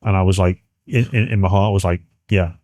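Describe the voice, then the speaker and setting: A British man in his forties, a military veteran telling a story in an interview, halting and restarting as he acts out what others said. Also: sits low, fairly even intonation, warm tone, dry recording.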